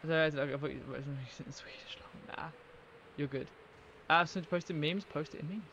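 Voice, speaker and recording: A man with a slightly higher voice rambles casually through a live gameplay stream. He keeps up a chatty back-and-forth with his viewers as he plays, over a faint hiss. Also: fairly quick, fairly bright tone, highs cut off. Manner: rambling, chatty, talks to viewers while playing.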